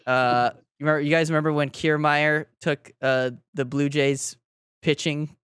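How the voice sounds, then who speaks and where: A man co-hosting a podcast, chatting casually about sports, laughing often and acting out shouted quotes. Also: a little high, flat delivery, normal speed, smooth, no echo, studio quality. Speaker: podcast co-host.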